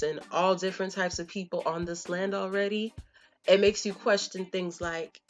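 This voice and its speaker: A young woman with a lowish voice speaks casually to camera, telling stories in a loose, slangy, conversational way. Soft music plays quietly underneath her. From Florida, USA. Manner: conversational and storytelling, drops in slang and fillers. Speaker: vlogger.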